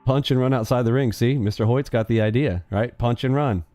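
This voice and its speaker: A man hosts a live trading stream in loose, casual chat. His voice sits at a middling pitch with a mellow, warm timbre. He rambles and jokes with playful sound effects while faint music plays behind him. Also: brisk.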